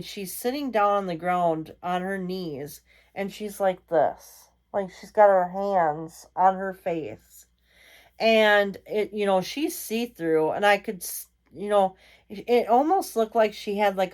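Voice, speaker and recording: A woman's voice: fairly low pitch, darkish tone. A woman vlogger telling a ghost story in a casual, rambling way, full of fillers and self-corrections. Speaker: vlogger host.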